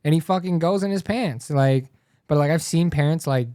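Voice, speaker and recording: A man's voice: a little high, moderate pace, dark tone, no room sound, clean studio sound. A young man, a podcast co-host, telling a story in a loose, profane, rambling way. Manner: loose, swears constantly, trails off and restarts.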